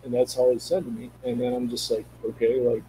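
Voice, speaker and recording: A man's voice: mid-range voice, little pitch movement, fast talker, mellow, a little hiss or hum, rough recording. Man rambling through a personal story. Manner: rambling, repeats words and restarts often. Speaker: guest telling a personal story. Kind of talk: casual conversational storytelling.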